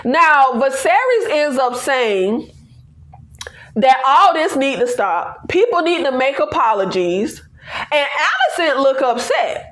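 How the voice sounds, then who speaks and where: High voiced woman doing a tv recap, swoops all over, laughs a lot, slangy and playful. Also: lively intonation, slow, fairly bright tone. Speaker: TV recap reviewer. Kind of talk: casual review chat.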